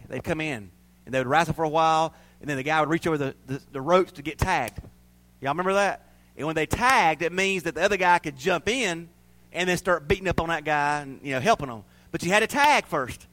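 A man's voice: on the high side, a bit bright. A male pastor preaching a sermon in a folksy, storytelling way, often laughing at himself.

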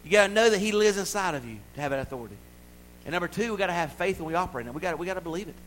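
A pastor preaches with folksy humor, acting out little scenes before climbing into loud, ringing declarations. His voice sits a bit high for a man. A faint hum runs under the recording. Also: animated, very fast, rough recording. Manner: folksy, playful preaching with acted-out voices and rising shouts. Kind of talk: sermon.

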